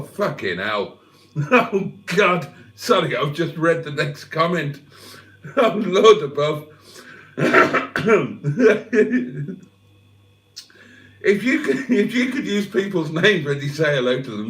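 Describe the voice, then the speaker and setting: A man's voice: a little high, animated, slow, a bit bright. A man, hosting a casual livestream, reading out comments and swearing freely with self-mocking humour. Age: 50s. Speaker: livestream host.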